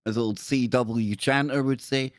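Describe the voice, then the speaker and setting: A man's voice: mid-range voice, fairly even intonation, unhurried, no room sound. Glasgow guy hosting a live stream, jokey and rambly, keeps cutting himself off, pretty dry sound. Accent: Glaswegian. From Scotland. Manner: jokey and rambling, often breaking off mid-sentence. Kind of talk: casual live-stream chat.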